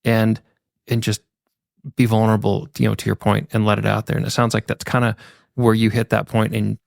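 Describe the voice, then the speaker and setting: A man hosting a podcast, reflecting on and summing up his guest's story in a warm conversational way. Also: fairly low pitch, monotone, brisk, vocal fry, no echo, clean studio sound. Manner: reflective, sums up and affirms the guest. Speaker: podcast host. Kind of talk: conversational interviewing.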